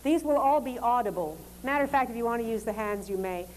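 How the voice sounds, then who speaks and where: A woman with a slightly high voice runs a dance demonstration, calmly instructing performers and explaining each exercise. Her tone stays measured and polite. A faint hiss sits under her voice. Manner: calm, instructive, polite commands. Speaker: dance teacher leading a demonstration. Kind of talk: lecture demonstration, giving directions to dancers.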